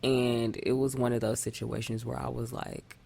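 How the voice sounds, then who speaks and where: Brief: woman podcast co-host, very deep and gravelly, congested nasal tone, rambling casual chat. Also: little pitch movement, moderate pace, warm tone. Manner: rambling, restarts often. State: stuffy nasal voice from a cold.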